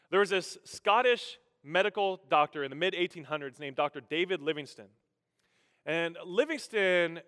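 Male pastor, fairly high pitched, bright, animated storyteller with joking asides, echoing sanctuary sound. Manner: animated, self-deprecating humor, drops low and quiet for solemn moments. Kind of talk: sermon storytelling. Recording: long hall reverb.

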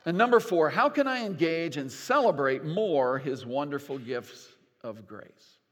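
An older man preaching a sermon as pastor, animated and folksy with gentle humor. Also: on the high side, measured pace. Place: church sanctuary. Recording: long church reverb.

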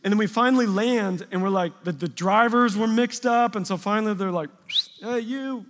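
A man preaching a sermon, telling lively personal stories and acting out the people in them. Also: high voice, fairly quick, big-room sound, background noise. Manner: animated storytelling, voicing people in his anecdotes.

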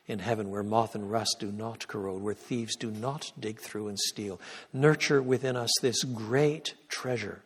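Husky man lecturing in a reverberant church. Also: lowish voice. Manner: emphatic, swings from loud peaks to hushed prayer. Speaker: guest lecturer. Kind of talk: sermon-style lecture and prayer. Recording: long reverb of a church hall.

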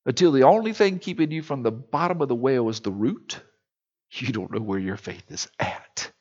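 A male pastor preaching a sermon with passion, swinging from hushed to loud. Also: medium pitch, expressive, normal speed, lo-fi sound.

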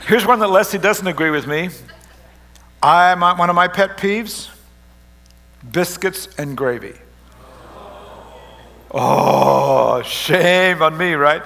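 A middle-aged pastor delivering a lighthearted sermon in church, his voice pitched high for a man. He jokes and teases the congregation with animated, playful delivery. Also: unhurried, long pauses. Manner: joking, animated, teasing the congregation. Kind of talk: humorous sermon. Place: church service.

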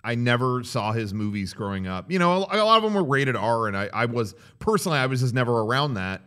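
A man's voice: medium pitch, lively intonation, fast talker, bright, forceful tone, smooth. A man co-hosting a casual movie chat, speaking in an easygoing, candid way. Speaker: podcast co-host.

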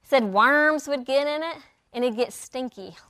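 Woman preaching, high bright voice, animated storytelling. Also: moderate pace. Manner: animated storytelling, acts out quoted lines. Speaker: Bible teacher. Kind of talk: sermon.

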